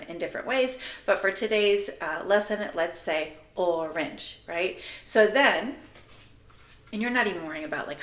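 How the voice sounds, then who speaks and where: A woman's voice: lowish voice, fairly bright tone. Upbeat woman music teacher, echoey room. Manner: upbeat, explains step by step. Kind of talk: instructional video.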